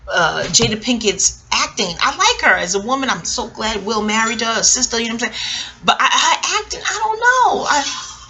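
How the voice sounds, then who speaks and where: A woman's voice: on the high side, bright, forceful tone. A woman giving a casual, rambling TV episode review, joking and scattered, with frequent asides and free swearing. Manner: swears freely. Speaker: TV recap vlogger.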